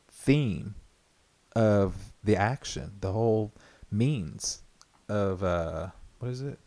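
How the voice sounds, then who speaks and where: A man's voice: on the low side, darkish tone. A man hosting his own podcast, talking earnestly and rambling in a reflective solo monologue, full of fillers and restarts. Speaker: podcast host.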